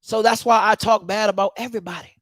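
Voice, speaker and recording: A man's voice: high voice, steady tone, fast talker, a bit bright, no echo. A man hosting a live call-in sports talk show, laid-back and teasing.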